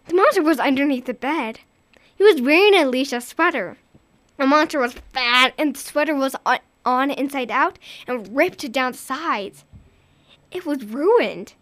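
A woman storyteller reading a children's tale with an animated, swooping voice. Her tone is high and bright, and the sound is close and dry with no room around it. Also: measured pace, no room sound. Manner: lively, expressive storytelling.

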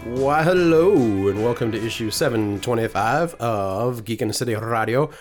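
A man co-hosting a podcast in casual chat, joking and quick to laugh. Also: lowish voice, over music. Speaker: podcast co-host.

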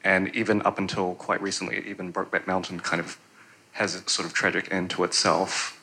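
Deep, bright-toned man asking a question. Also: level tone, fairly quick, slightly rough, low-quality recording. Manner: hesitant, many fillers. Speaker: audience member asking a question. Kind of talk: rambling spoken question.

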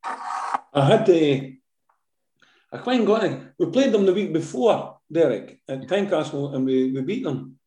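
An older Scottish man tells football stories in an easy, rambling way, dropping in fillers and little tag questions. His voice is mellow and sits a touch high. The sound carries a clear room echo. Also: animated, measured pace. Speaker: former footballer, guest. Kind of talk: casual interview storytelling.

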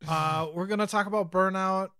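A man's voice: high voice, steady tone, a little fast, bright, forceful tone, clear, resonant tone, no room sound. A man co-hosting a podcast in casual chat, throwing in dry, wry quips. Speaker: podcast co-host.

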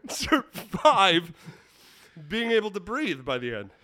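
Bright-voiced laughing male podcast co-host. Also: high-pitched, big pitch swings, takes it slowly. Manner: laughing, sighing, trying to stay on track. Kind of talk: comedic podcast banter.

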